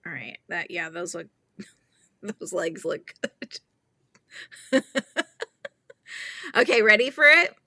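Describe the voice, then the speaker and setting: A woman hosting a casual crochet livestream, giggly, animated and chatty as she talks to viewers. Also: fairly low pitch, slow, pauses often, dry recording. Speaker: livestream host.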